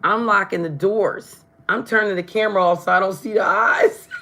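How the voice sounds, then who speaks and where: A woman's voice: mid-range voice, fairly even intonation, moderate pace, a bit bright. A woman doing a live tarot reading, chatting to her viewers and often stumbling over her words. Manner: chatty, addresses viewers directly. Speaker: tarot reader.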